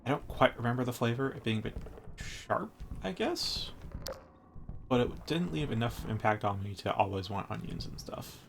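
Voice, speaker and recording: A man's voice: mid-range voice, expressive, normal speed, creaky. A man streaming a shooter game, thinking aloud in casual, offhand commentary. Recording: game audio and gunfire behind the voice. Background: game gunfire and noise.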